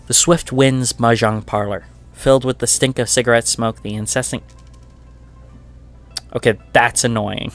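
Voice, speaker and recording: A man's voice: mid-range voice, steady tone, normal speed, faint music behind. A man narrating as game master of a tabletop game, describing scenes with frequent stumbles and self-corrections.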